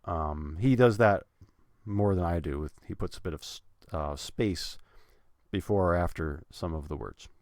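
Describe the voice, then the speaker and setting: A man teaching English pronunciation in a relaxed way, thinking aloud with fillers and repeating example sentences with stressed words stretched out. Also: deep voice, measured pace, no room sound, clean studio sound. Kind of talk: relaxed instructional talk.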